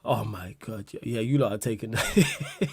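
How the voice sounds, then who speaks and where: A man's voice: on the low side, sing-song, unhurried, husky, no room sound, clean studio sound. A man hosting a casual livestream chat, laughing a lot, swearing and using slang while answering viewer questions.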